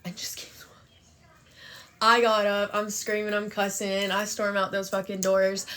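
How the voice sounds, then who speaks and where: A woman's voice: mid-range voice, completely flat delivery, a little slow, a bit bright. A young woman telling a story and chatting on a phone livestream, brash and profane, thanking viewers for gifts. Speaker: TikTok live streamer.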